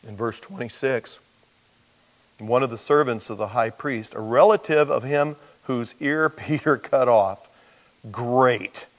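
A middle-aged man preaches as pastor to his congregation, his mid-range voice moving a little slowly. Telling the story with animation, he performs the voices of the characters.

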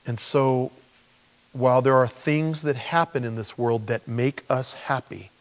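A man preaching a sermon as pastor, animated and acting out quotes in lively voices. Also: mid-range voice, a little slow. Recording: long hall reverb.

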